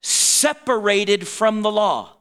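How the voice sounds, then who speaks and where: A man's voice: sits high, slow pace, a bit bright, clean tone. A man in his forties preaching a conversational sermon to a congregation, often checking in with his listeners and laughing. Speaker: pastor.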